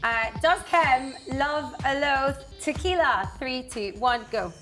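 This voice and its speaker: Female co-host, teasing, high voice, chatty quiz runner. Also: animated, slow, fairly bright tone, soft background music. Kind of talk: casual chat.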